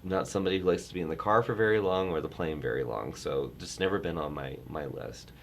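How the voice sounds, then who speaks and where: A middle-aged man in the travel business chatting casually, telling a rambling story with many restarts and animated bursts. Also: low-pitched, fast, slight background noise. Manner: rambling, self-interrupting storyteller who gets animated. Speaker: travel industry guest. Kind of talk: casual chat.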